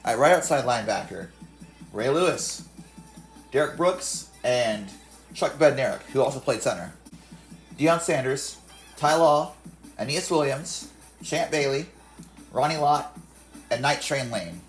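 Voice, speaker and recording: A man's voice: medium pitch, animated, a little slow, pauses often, faint music behind. A young man hosting a casual video game commentary, reading off rosters and stats and often correcting himself. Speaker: video game channel host.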